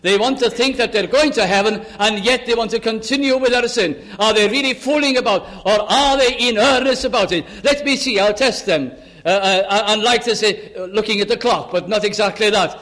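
A man preaching a sermon on a psalm, swinging from urgent raised pleas to hushed low asides and quoting scripture in old-fashioned wording. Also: fairly quick, hardly any pauses.

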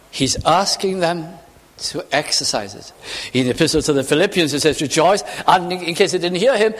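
A man preaching a sermon, reading scripture slowly and explaining it in an earnest, measured way. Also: a little high, animated, a bit bright. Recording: reverberant hall.

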